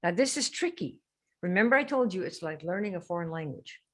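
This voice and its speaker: A woman's voice: fairly low pitch, animated, brisk. A woman hosting a live sales training stream, brash and teasing as she quizzes her viewers. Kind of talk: lively live-stream coaching.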